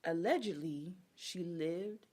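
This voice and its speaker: A woman's voice: fairly low pitch, slow, dark tone, breathy edge. A woman co-hosting a casual gossip chat, telling a story and acting out what people said. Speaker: podcast co-host.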